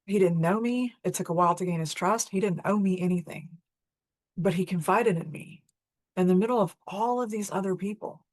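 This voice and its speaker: A woman's voice: mid-range voice, fairly quick, no room sound. A woman hosting a spiritual talk, telling a personal story in an earnest, candid, conversational way. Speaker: host.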